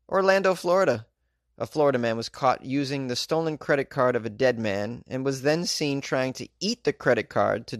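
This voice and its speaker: A man with a medium-pitched voice performs a casual comedic monologue, reading news items and riffing on them with sarcasm and mockery, punctuated by chuckling asides. The recording is dry and has clean studio sound.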